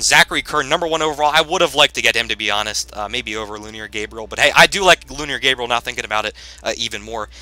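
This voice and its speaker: A man giving casual, rambling gameplay commentary as he plays, with sudden loud bursts of hype. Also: medium pitch. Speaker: gaming commentator.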